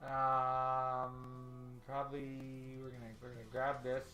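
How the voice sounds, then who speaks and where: A man's voice: mid-range voice, monotone, takes it slowly, sharp tone, lo-fi sound. A man casually chatting on a live stream while working, rambling and laughing often. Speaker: artist hosting a storyboarding stream. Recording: echoey room with faint music.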